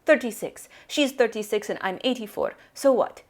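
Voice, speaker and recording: A woman reading aloud and voicing an excitable, stubborn 84-year-old father who speaks in broken English. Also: on the low side, normal speed, lightly acted. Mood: snappish. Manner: broken English, insistent, snappish.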